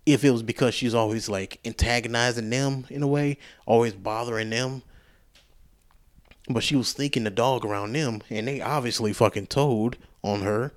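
Profane rambling man hosting a podcast. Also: mid-range voice. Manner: profane, rambling, with restarts and laughs. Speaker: podcast host. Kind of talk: casual solo podcast storytelling.

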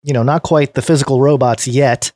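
A man's voice: medium pitch, fairly even intonation, fairly quick, a little mellow, dry recording, studio quality. An American man hosting a podcast, chatting loosely with many fillers and restarts, then reading a news story aloud. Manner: rambling, lots of fillers and restarts. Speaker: podcast host.

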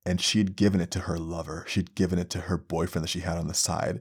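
Young guy podcasting, swears a lot, voice swings low to loud. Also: fairly quick, hardly any pauses, slightly rough. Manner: animated, profane, rising to shouted outbursts. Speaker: podcast host. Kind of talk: podcast essay commentary.

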